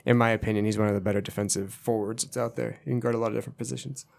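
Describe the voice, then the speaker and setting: A man's voice: lowish voice, little pitch movement, rapid-fire, gravelly, a little mellow. A man co-hosting a casual sports podcast, rambling and trailing off with "anyway.". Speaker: podcast co-host.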